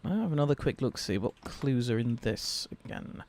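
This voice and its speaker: A man's voice: medium pitch, lively intonation, moderate pace, darkish tone, a little hiss or hum. A man streaming a puzzle game, chatting casually, muttering to himself and reading clues aloud. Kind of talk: casual gaming stream chat.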